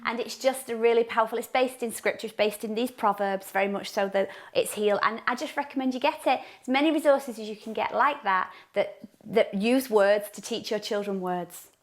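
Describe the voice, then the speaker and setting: A woman's voice: on the high side, brisk, hardly any pauses. A woman co-hosting a parenting chat show, speaking earnestly and encouragingly, often thinking aloud as she talks. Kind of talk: casual studio chat.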